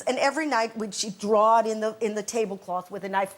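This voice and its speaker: A woman guest on a comic panel show, telling funny family stories in an animated, husky voice. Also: medium pitch, quick pace, hardly any pauses. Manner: animated storyteller.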